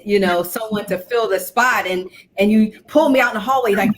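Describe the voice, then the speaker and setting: A woman hosting a casual talk show, excited and effusive as she talks. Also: mid-range voice, normal speed, few pauses, slight background noise. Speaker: host. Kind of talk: casual chat.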